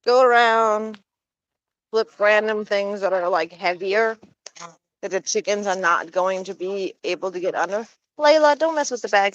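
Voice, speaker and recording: A woman with a mid-range, fairly bright voice chats casually to the camera while coaxing her pets with sing-song calls. She's a pet owner vlogger out in a backyard with chickens, and the recording's highs are cut off.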